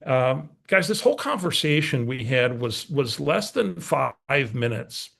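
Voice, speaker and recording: A man's voice: medium pitch, big pitch swings, measured pace, gravelly, fairly bright tone. A man, coaching real estate agents through a folksy, story-driven motivational talk. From San Antonio, Texas. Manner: storytelling, folksy, direct to audience.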